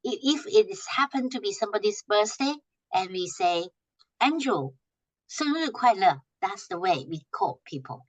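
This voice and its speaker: A woman teaching a language class, patiently repeating short phrases slowly for her students to echo. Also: medium pitch, big pitch swings.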